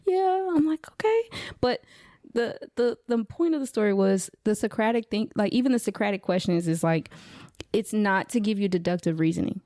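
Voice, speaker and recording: A woman chatting casually on a podcast, an animated storyteller who acts out her son's lines in a high voice. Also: a little fast, dry recording, studio quality. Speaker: guest.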